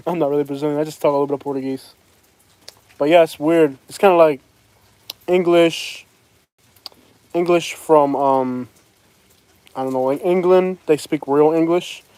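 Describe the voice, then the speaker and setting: A man's voice: fairly high pitch, measured pace, long pauses, a little mellow, smooth, no room sound. A man chatting casually and rambling to livestream viewers from outdoors in the rain. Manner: rambling, talks straight to chat viewers. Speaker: livestream host. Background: rain falling.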